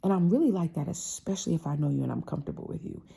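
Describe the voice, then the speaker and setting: A woman hosting a casual motivational talk, animated and passionate, sometimes acting out her family's voices. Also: low-pitched, very fast, gravelly, husky. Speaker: host.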